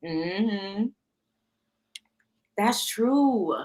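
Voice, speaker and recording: A young woman hosting a casual podcast chat, animated, laughing often and swearing casually. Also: medium pitch, extremely slow, low-quality recording. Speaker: podcast host.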